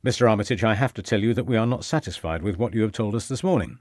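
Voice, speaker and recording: A man's voice: lowish voice, lively intonation, very fast, darkish tone, dry recording, close to an everyday voice. A man reading an audiobook, voicing a shrewd, stern male police inspector who questions in a dry, mocking way. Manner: probing, dryly mocking.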